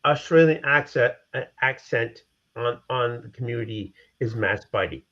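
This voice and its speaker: A man's voice: medium pitch, moderate pace, a bit bright, muffled recording. A man ribbing the others with crude jokes in a casual group chat.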